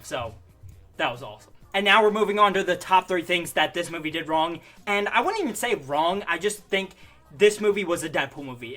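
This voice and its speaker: Excitable young man gushing about movies. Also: fairly high pitch. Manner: excitable, gushing, heavy use of "like". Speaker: movie reviewer. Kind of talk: casual spoken movie review.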